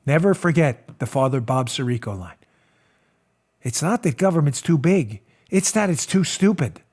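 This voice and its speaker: A man hosting a political talk show, delivering animated, sarcastic commentary and acting out mocking little scenes. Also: a little high, moderate pace.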